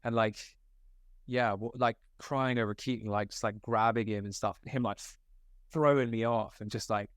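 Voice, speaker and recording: A young man from Scotland, an actor, telling set stories in a casual interview, animated and slangy, full of filler likes. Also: on the low side, moderate pace, smooth, dry recording, clean studio sound. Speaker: actor guest.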